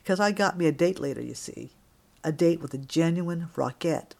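A man's voice: a little high, normal speed, vocal fry. A mouthy, boozy young woman with a swaggering tongue, as a male storyteller puts her on. She fires off old-time tough-guy slang in a slightly raised voice. This is storybook character work. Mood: cocky. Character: brash drunk young woman, mouthy and cocky.

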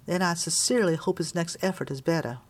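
A woman's voice: lowish voice, fast talker, a little mellow, breathy edge. A woman reading as a sardonic Southern academic. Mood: clipped. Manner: dry, sardonic.

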